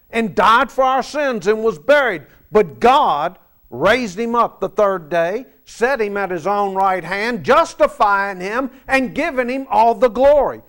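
A man preaching a sermon, asking the congregation rhetorical questions and dropping from emphatic lines to soft asides. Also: sits high. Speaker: pastor.

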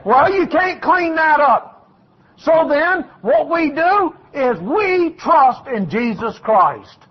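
Male preacher, very high husky voice, fiery folksy delivery, muffled lo-fi recording. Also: sing-song, slow pace. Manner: folksy, shouting at peaks then dropping low. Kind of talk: fiery sermon.

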